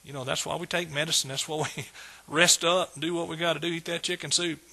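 A middle-aged man preaches with exuberant energy, repeating his points and calling out praise. His voice is bright and forceful, with a husky edge, and sits a little high for a man. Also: fairly even intonation, fast. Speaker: pastor. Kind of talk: sermon.

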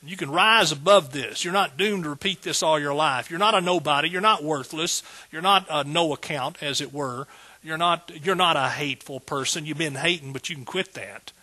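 A man's voice: on the high side, normal speed, bright, forceful tone. A man preaching a sermon as pastor, folksy and joking, building to emphatic bursts.

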